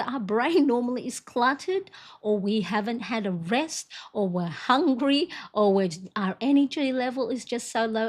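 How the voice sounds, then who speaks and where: A middle-aged woman hosting a casual live stream, talking in a rambling, encouraging way with lots of fillers. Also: mid-range voice. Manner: chatty, rambling, warm encouragement with frequent fillers. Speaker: livestream host.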